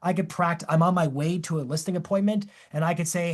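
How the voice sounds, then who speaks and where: Energetic man presenting a webinar. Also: fairly high pitch, a little fast, hardly any pauses. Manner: energetic, enthusiastic, demonstrative. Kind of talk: live webinar demonstration.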